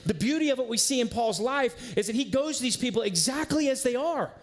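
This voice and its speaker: Male pastor, higher register, conversational sermon delivery, slangy, animated storyteller. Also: a little fast. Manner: casual, conversational preaching with slang.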